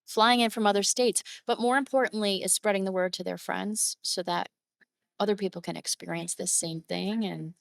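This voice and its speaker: A woman's voice: mid-range voice, normal speed, gravelly, no echo. A woman photographer guest on an interview podcast, telling stories conversationally and animating her clients' words. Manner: warm, emotive, animated when quoting clients.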